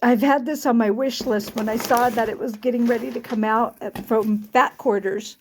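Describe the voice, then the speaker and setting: A woman gushes on a casual quilting unboxing vlog, choked up and tearful as she thanks a company, often exclaiming and gasping. Her slightly high voice keeps a steady tone at normal speed, caught by a distant mic in an echoey room with slight background noise.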